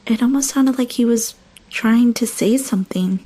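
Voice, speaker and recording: A woman narrating a first-person horror story in a hushed, slow, tense storytelling manner. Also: on the high side.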